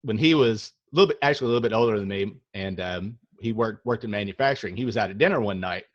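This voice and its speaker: A man's voice: fairly low pitch, fast, lo-fi sound. A man in his forties hosting a podcast, chatting eagerly and laughing easily. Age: 40s. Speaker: podcast host. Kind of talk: casual interview chat.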